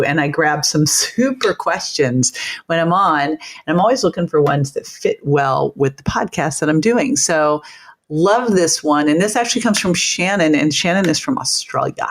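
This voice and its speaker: A woman hosting a podcast, upbeat and animated, explaining things simply in casual talk. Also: deep voice. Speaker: podcast host.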